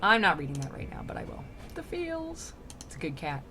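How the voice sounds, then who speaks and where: A woman's voice: low-pitched, huge pitch swings, very fast, creaky, sharp tone, slight background noise. A young woman streamer reading a classic poem aloud and riffing on it in casual slang while doing a craft, with frequent laughs. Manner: chatty, paraphrases in modern slang, laughs often. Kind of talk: casual read-aloud with commentary.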